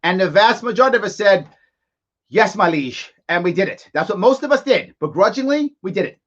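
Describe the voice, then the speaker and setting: A man's voice: high voice, expressive, fast, highs cut off. A man hosting a live commentary show, mocking and sarcastic as he reacts to a press conference. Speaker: host.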